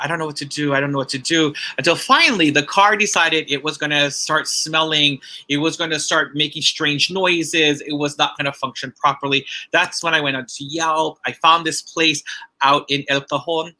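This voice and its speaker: A man's voice: on the high side, normal speed, bright, forceful tone. A man giving a personal testimony at a church ceremony, telling a story with repeated phrases and acted-out quotes.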